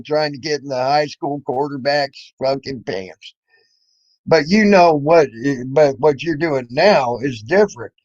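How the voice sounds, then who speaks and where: On a dry, dull lo-fi recording, a man with a fairly high, darkish voice rants on YouTube. He targets other people in a confrontational, mocking way, with profanity throughout.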